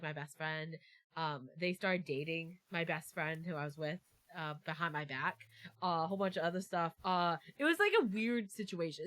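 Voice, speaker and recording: A woman's voice: on the low side, fairly bright tone, dry recording. A woman hosting a casual stream chat, rambling and repeating herself as she talks. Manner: rambling, repeats words, lots of fillers. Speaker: streamer and host.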